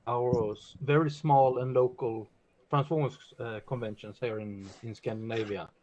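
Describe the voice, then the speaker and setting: A man speaking haltingly, with fillers, as a podcast guest. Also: mid-range voice, fairly even intonation, a little mellow, slight background noise. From Sweden. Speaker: podcast co-host. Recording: dull lo-fi remote mic.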